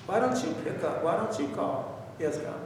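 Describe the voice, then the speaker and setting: High-voiced man teaching in an echoey church. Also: big pitch swings, normal speed, recorded from a distance, a little hiss or hum. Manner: conversational, repetitive, exhorting. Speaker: Bible study teacher. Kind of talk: Bible study teaching. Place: church room. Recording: echoey church room heard from afar.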